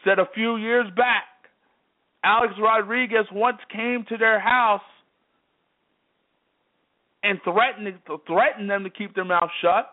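Man, sports radio host, high voice, emphatic and repetitive, phone-like audio. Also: fairly even intonation, slow, pauses often. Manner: repetitive, emphatic, worked-up commentary. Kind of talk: call-in sports talk show monologue. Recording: tinny phone-line audio.

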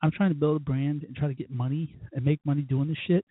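A man hosting his own show, telling rambling, profane stories in a casual drunken way, with sudden loud bursts. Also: fairly high pitch, fairly even intonation, quick pace, slightly rough, dry recording, narrow, tinny audio. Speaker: podcast host.

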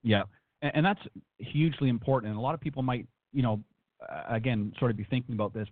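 A man's voice: medium pitch, a little fast, no echo. A man co-hosting a radio show, asking a guest questions in a hesitant way with many fillers. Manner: hesitant, searching for words. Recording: dry, tinny phone line.

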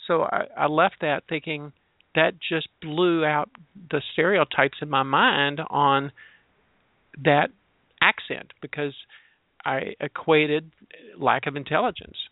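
A man's voice: on the high side, slow, dry recording. A man who works as a transgender educator, explaining his views in a searching, reflective way and leaning on personal examples. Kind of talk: spoken reflection on labels. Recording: tinny, dry phone-line sound.

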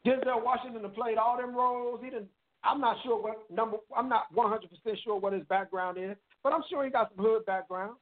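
A man's voice: high voice, steady tone, fairly quick. A man calling in to a radio talk show, earnest and preachy, coming back again and again to the same catchphrase. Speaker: caller and guest. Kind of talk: casual call-in radio talk. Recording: tinny phone line.

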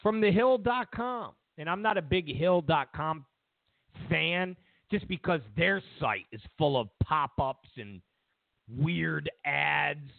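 A man's voice: a little high, slow, vocal fry, no room sound. A man hosting a talk show, ranting in a profane, mocking way. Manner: profane, mocking, animated rants. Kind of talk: ranting commentary. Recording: dry tinny phone-like sound.

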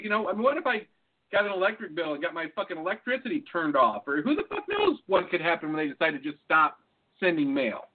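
A man's voice: fairly high pitch, sing-song, fast talker. A man co-hosting a casual podcast chat, swearing freely and acting out both sides of phone calls as he tells stories. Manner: profane storyteller, acts out phone calls. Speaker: podcast co-host. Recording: tinny phone-like sound.

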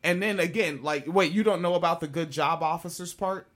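A host rants through reaction commentary in a blunt, profane way, mid-pitched and plainly spoken. Laughing asides break up the opinions. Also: fairly quick, a bit bright.

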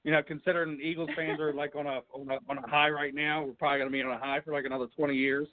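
A man's voice: a little high, flat delivery, rapid-fire. A man with a Philadelphia accent hosting a casual interview, easygoing and chummy. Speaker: radio show host. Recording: dry, phone-like band.

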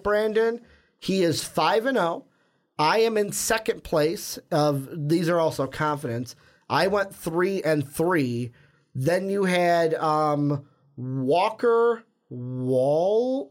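A young man with a fairly high voice co-hosts a casual sports podcast. He rambles in a chatty way, trails off and corrects himself mid-sentence. He speaks into a podcast mic. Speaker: podcast co-host.

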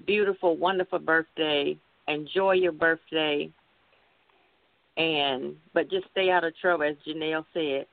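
A woman gives affectionate birthday wishes, repeating herself as she goes. She speaks slowly, and her voice has a gravelly edge. It all comes through a narrow, phone-like line. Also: low voice, no room sound. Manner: affectionate and repetitive. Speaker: co-host. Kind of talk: heartfelt birthday wishes on a chat show.

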